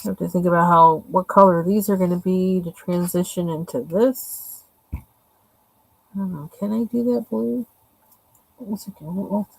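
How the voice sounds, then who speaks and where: Woman streamer, husky and gravelly, mumbling casual self-talk while she colors. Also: on the low side, normal speed, long pauses, low-quality recording. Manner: quiet, muttering to herself. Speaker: live-stream artist.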